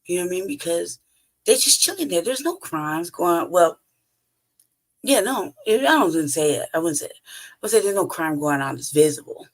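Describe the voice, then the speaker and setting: Podcast host, male, rough gravelly voice, casual profane storyteller who laughs between lines. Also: sits high, sing-song, normal speed. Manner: profane, blunt, laughs often between phrases.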